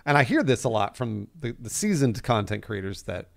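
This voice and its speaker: A man chatting casually on a podcast, animated and laughing, acting out what people say. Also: medium pitch, brisk, creaky. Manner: animated, laughing, acts out quotes. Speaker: podcast guest, video game news host.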